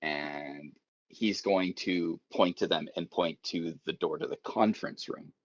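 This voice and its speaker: A man's voice: sits low, unhurried, no echo, dull audio. A man playing a tabletop game, explaining his character's plans with false starts. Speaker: player. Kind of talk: casual tabletop game chat.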